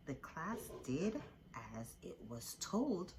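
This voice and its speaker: Slow, expressive woman storyteller. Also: medium pitch, slight background noise. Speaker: children's storyteller. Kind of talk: reading a picture book aloud.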